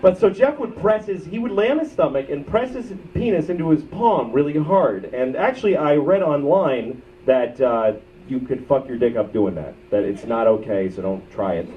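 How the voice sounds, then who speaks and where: A man's voice: a little high, expressive, moderate pace, few pauses. A man doing a stand-up comedy set in a club, rambling through crude, self-mocking stories. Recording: muffled bootleg audio from far off, with crowd and noise. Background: audience laughter.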